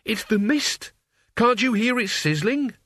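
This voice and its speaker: A man's voice: lively intonation, a little slow, bright, forceful tone, no echo, full character voice. A man voicing a frightened young man whose voice trembles with urgency. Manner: trembling, urgent, rising to shrill.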